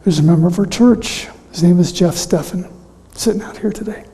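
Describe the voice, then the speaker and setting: A middle-aged man preaching a sermon in a weakened, hoarse voice. He speaks with emotion, haltingly, and often drops to a whisper. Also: sits high, dark tone, slight background noise. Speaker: pastor. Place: church sanctuary. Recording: reverberant church hall.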